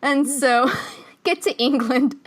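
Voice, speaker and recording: A woman co-hosting a podcast in casual chat, animated and quick to laugh as she tells stories. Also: high voice. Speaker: podcast co-host.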